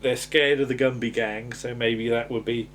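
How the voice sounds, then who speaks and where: A man's voice: mid-range voice, fairly even intonation, normal speed, fairly bright tone, a little hiss or hum. A man co-hosting a TV review, chatting casually, rambling and prompting his co-host with questions. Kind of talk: casual chat.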